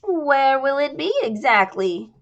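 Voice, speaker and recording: A squeaky, grating chorus girl. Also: expressive, slow pace, gravelly, dull audio, exaggerated voice. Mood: excited. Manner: eager, breathless pleading.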